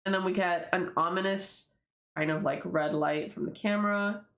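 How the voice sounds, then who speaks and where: Her voice is fairly low yet fairly bright in tone, moving at a moderate pace as she rambles through commentary on her own webtoon. She laughs and swears freely, recorded in an echoey room.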